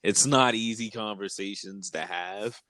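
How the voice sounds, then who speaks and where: A man's voice: fairly low pitch, a little slow, sharp tone, dry recording. A man co-hosting a casual podcast, speaking in a laid-back way full of fillers. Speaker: podcast co-host. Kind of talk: casual chat.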